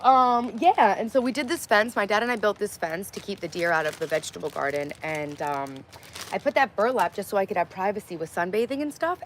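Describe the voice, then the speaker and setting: A woman's voice: on the low side, slight background noise. A woman in her thirties hosting a casual livestream, chatting bluntly with viewers, reading their comments aloud and swearing freely. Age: 30s. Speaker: livestream host. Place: outdoors in her garden.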